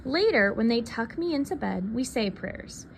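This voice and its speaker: Woman reader, picture-book read-aloud, soft and unhurried, faint background hiss. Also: a little high, expressive, creaky.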